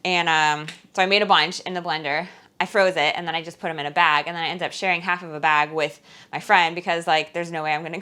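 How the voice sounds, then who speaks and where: A woman's voice: low voice, fairly bright tone. A woman vlogger chatting casually to viewers while working in her home kitchen. She rambles, fills her talk with "like" and "um", and laughs between phrases. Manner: chatty and rambling, heavy use of "like" and "um". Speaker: frugal-living vlogger.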